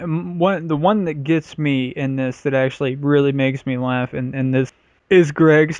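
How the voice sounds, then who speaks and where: A man's voice: medium pitch, no echo, lo-fi sound. A man hosting a casual comedy podcast, rambling and swearing freely. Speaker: podcast host.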